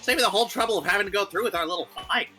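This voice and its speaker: A man's voice: sits high, racing, pushed and bright, faint music behind, pitched above the performer's own voice. A man voicing a gleeful, sadistic male bear mascot villain, reading game dialogue in a taunting sing-song.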